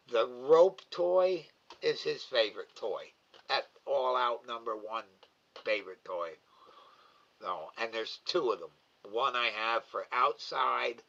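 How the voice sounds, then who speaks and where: A middle-aged live-stream host answers viewers' chat slowly, emotionally, and haltingly, stumbling over repeated words. His mid-range voice is bright and a little forceful, and the stream audio sounds dull and lo-fi.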